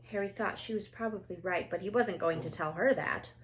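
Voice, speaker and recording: A woman's voice: on the low side, a little fast. Woman teacher reading a story aloud. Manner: expressive, lively storytelling. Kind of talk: read-aloud of a children's novel.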